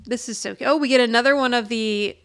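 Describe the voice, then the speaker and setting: A woman with a fairly high, gravelly voice retells a TV episode in casual podcast chat. She acts out each character's lines and laughs often as she goes. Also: quick pace, fairly bright tone. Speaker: podcast co-host.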